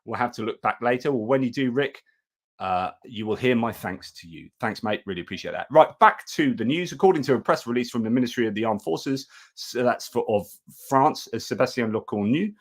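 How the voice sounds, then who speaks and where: A chatty middle-aged man hosting a live news commentary stream. His voice sits at an ordinary mid pitch, and he reads headlines and thanks viewers in a loose, conversational flow full of restarts. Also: animated, a little fast. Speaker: livestream news host.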